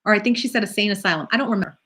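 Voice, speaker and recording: A middle-aged woman, a psychic medium, talking casually on a live stream and answering viewer questions in a chatty, animated way. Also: medium pitch, very fast. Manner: chatty, animated, acts out quoted voices.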